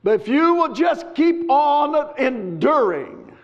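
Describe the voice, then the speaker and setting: A man preaching a sermon, emphatic and repetitive, with sudden shouts. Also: very high voice, very animated, slow. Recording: dull lo-fi recording.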